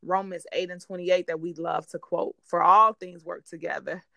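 A woman hosts a faith-based podcast, cheering her guest on warmly and laughing often while she restarts her sentences. Her lowish voice has some vocal fry and a level tone at a normal speed. It's a dry, studio-quality recording.

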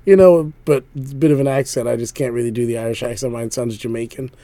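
男声，语速随意，常笑着讲故事. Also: male voice, medium pitch, fairly even intonation, quick pace, warm tone, no room sound. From Philadelphia. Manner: laughs often, storytelling, repeats "like". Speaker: podcast co-host. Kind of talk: casual podcast chat.

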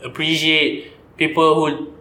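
Deadpan man in an echoey room. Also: on the high side, takes it slowly. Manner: deadpan mock-indignant, playing a spokesman for babies. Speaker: podcast co-host. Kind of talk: deadpan improvised comedy bit. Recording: echoey room with faint ambient noise.

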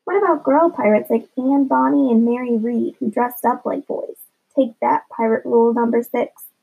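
Woman plays a sassy, bold little girl in a storybook reading, high and gravelly, slightly dull sound. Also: fairly even intonation, moderate pace. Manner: spirited, sassy. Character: feisty bold young girl. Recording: dull lo-fi recording.

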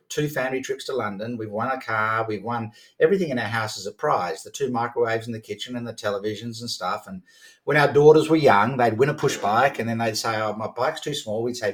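A man, telling stories animatedly as a podcast guest and acting out the dialogue he quotes. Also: mid-range voice. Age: 50s. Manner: lively, acts out quoted dialogue, frequent restarts. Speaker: podcast guest, sales coach. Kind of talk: animated storytelling in conversation.

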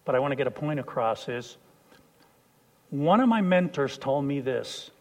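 A man preaching a sermon, telling a personal story and swinging from hushed lines to loud shouts. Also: medium pitch, expressive, moderate pace.

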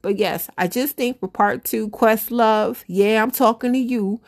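A woman's voice: a little high, unhurried. A middle-aged woman hosting her own show, chatting casually and animatedly, laughing often and talking straight to her listeners. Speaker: podcast host. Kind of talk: casual solo commentary.

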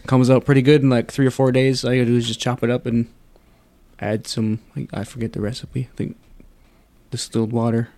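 A man's voice: medium pitch, little pitch movement, a little fast, darkish tone. A man with an ordinary mid-range voice rambles through casual podcast banter. He loses his train of thought and trails off, loose and stoned. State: high on cannabis. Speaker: podcast co-host. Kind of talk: casual chat.

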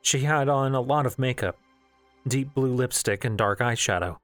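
A man reading a novel aloud in a measured, steady storytelling voice. The mic is close and the room dry. Faint music plays underneath. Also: medium pitch, no room sound. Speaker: audiobook narrator.

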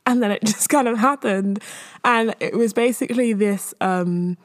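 A woman's voice: medium pitch, moderate pace. A woman, hosting a podcast and rambling casually about her week, a bit out of breath. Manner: rambling and chatty, with frequent fillers and laughs. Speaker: podcast host. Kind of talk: casual solo chat.

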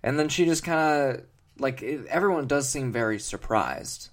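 A man co-hosting a comedy podcast, rambling on in a mock-earnest, deadpan way with many fillers. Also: mid-range voice, normal speed. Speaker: podcast co-host.

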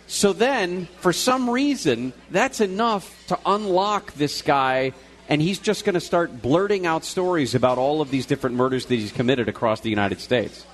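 A man's voice: a little high, normal speed. A male radio co-host talking live from a restaurant, retelling a news story in a loose, conversational way with fillers and restarts.

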